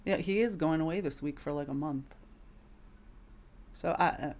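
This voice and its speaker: A woman co-hosting a podcast, telling stories in casual chat, animated and full of fillers. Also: low voice, measured pace, pauses often, a little hiss or hum. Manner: animated storytelling, filler-heavy. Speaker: podcast co-host.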